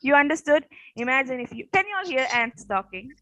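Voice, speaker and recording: High-voiced woman teacher with a rough morning voice. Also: lively intonation, a little fast, fairly bright tone, poor audio. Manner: peppers speech with "okay" and quiz questions. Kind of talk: casual classroom storytelling.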